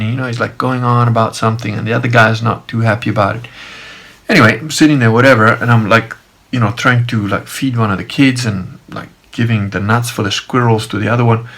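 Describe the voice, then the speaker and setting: A man's voice: mid-range voice, brisk, fairly bright tone. A man streaming a loose, rambling personal story, full of fillers and side remarks. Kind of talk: rambling casual monologue.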